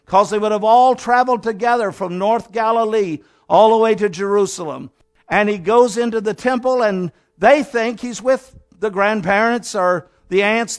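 A high-pitched man preaches with fervor. He keeps turning to his listeners as "my friend" and slips into the voices of the people in his story. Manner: fervent, addresses listeners as "my friend", acts out Bible characters. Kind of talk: sermon.

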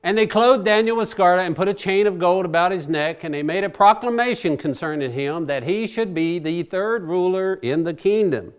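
A man preaching a Bible sermon in a chatty, animated way, swinging between loud and quiet. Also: high-pitched, moderate pace, few pauses, clear, resonant tone. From Virginia.

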